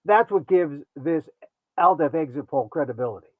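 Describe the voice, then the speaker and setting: A man hosting a talk show, delivering an animated, wry, digressive political commentary monologue. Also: fairly high pitch, moderate pace, no echo. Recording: tinny phone-like sound, dry.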